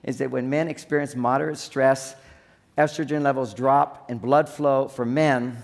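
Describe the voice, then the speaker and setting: A man's voice: medium pitch, fairly even intonation, normal speed, gravelly. A man giving a humorous seminar talk on relationships, acting out little scenes as he goes. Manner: joking, acts out little scenes. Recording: long hall reverb.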